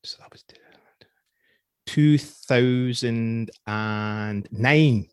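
A man's voice: mid-range voice, very slow, clear, resonant tone, dry recording, clean studio sound. A Scottish man in his forties hosting a podcast, chatting casually and telling rambling anecdotes with frequent chuckles. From Scotland. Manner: rambling storyteller, chuckles often. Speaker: podcast host. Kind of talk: casual interview chat.

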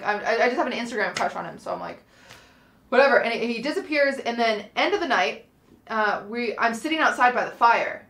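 A young woman co-hosts a podcast and tells a story in a lively, animated way, acting out every quoted line. Her voice sits a little high. The room adds a clear echo. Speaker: podcast co-host. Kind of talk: casual storytelling chat. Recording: roomy, echoey sound.

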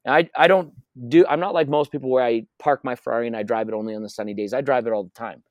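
A man's voice: medium pitch, quick pace, a little mellow, dry recording. Emphatic storytelling man, dry close sound. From North America. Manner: emphatic, storytelling, repeats key phrases. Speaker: interview guest, wealth coach. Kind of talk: energetic interview talk.

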